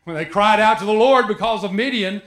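A man's voice: high voice, a little fast, a bit bright. A man preaches a sermon. He keeps it conversational and joking, throwing rhetorical questions at his listeners. His voice rings out in an echoey church room. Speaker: pastor.

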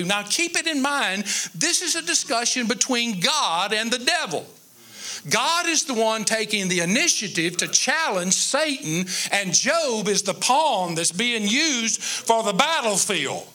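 A male pastor with a high, bright voice, talking casually and folksily to his congregation. He banters with listeners and then drives points home with emphatic repetition. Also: very animated, unhurried. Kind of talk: conversational sermon.

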